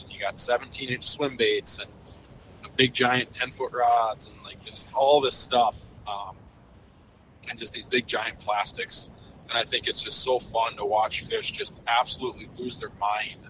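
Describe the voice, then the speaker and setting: Excited man rambling about fishing. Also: on the low side, a little hiss or hum, low-quality recording. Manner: enthusiastic, rambling with many fillers. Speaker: fishing guide. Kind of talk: casual podcast interview.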